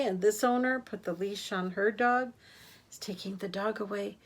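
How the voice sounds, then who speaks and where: A grandmother storyteller reads picture books aloud to children, gentle and expressive, gasping and asking them questions along the way. Her voice is mid-range and her speed normal.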